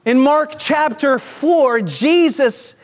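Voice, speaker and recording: A pastor preaching a sermon with emphatic delivery and rhetorical questions, swinging from raised to hushed. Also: high-pitched, slow. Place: church stage with slides behind.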